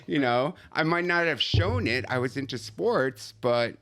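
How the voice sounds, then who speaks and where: A man's voice: medium pitch, animated, measured pace, a bit bright. A man telling a funny personal story in a casual chat. He laughs often and slips into Spanish now and then. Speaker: guest.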